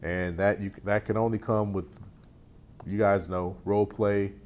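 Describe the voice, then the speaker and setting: A man with a somewhat low voice coaches real estate agents in an easygoing, unscripted way. He circles back on his phrases and restarts often. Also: little pitch movement, unhurried, a little mellow. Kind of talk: casual teaching talk.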